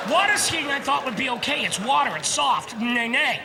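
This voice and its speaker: A man doing a stand-up comedy routine, animated and shouting his punchlines. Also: extremely high pitch, moderate pace, hardly any pauses, heavy background noise. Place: large theater stage before a live audience. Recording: live hall recording with loud crowd laughter. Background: audience laughter.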